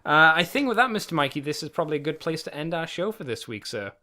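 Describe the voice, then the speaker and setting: Sweary, boisterous podcast host. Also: male voice, on the high side, sing-song, quick pace, sharp tone. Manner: sweary, boisterous, laughs a lot. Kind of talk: casual chat.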